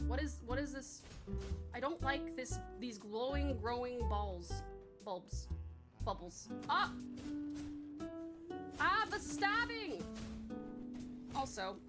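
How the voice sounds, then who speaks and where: An Australian woman from Tasmania streams a game and chats casually, playful and poking fun at herself, with the occasional swear. Her high, sing-song voice moves slowly with long pauses, and game music plays behind her.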